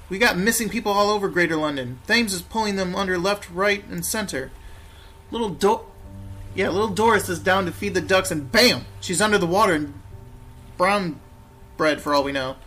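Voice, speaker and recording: A man voicing a lazy, corrupt London policeman who talks in loud, scornful slang. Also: high voice, normal speed, husky, full character voice. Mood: brash.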